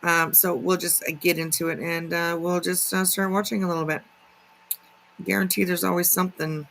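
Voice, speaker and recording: A woman's voice: fairly low pitch, level tone, normal speed, creaky, a bit bright, slight background noise, low-quality recording. A woman hosting a casual livestream, chatty and filler-heavy, greeting viewers by name. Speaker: livestream commentary host.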